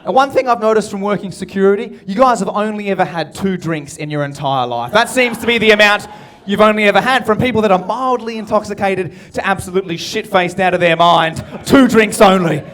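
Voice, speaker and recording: A man's voice: high-pitched, brisk, a bit bright. A young Australian man doing stand-up at a comedy club, bantering cheekily and swearing as he works the crowd.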